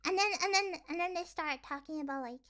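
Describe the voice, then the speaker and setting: A young woman streaming casually, rambling with lots of fillers and sometimes dropping into sighs and soft whispers. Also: very high voice, fast. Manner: rambling, filler-heavy, animated ranting; drops to sighs and soft whispers between points. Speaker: vtuber streamer.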